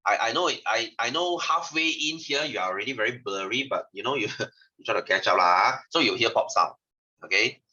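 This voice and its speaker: A Singaporean man tutors science over a video call, his voice very bright and forceful. He jumps up and down in pitch as he chats and teases his students. The audio is dull and lo-fi. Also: animated, brisk. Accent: Singaporean English. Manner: chatty, teasing students, sentence-final lah. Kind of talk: online class lesson.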